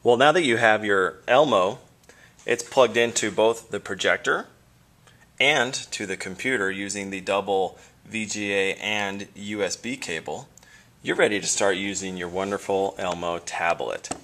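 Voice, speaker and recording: A man's voice: on the low side, measured pace, fairly bright tone. A male teacher giving a casual how-to demonstration, chatting and thinking aloud as he fiddles with cables while holding the camera himself. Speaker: teacher demonstrating classroom tech. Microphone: handheld camera filming himself.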